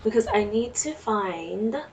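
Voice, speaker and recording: A woman's voice: medium pitch, expressive, takes it slowly, gravelly, darkish tone. A woman chatting casually to herself while playing a video game, muttering and reacting. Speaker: let's play gamer. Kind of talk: casual gameplay commentary. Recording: distant mic with faint noise.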